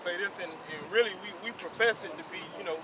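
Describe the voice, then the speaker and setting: A man chiming in during street preaching with calmer, quieter remarks. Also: sits high, quick pace, over a noisy crowd. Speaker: fellow preacher. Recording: outdoor street noise, off-mic.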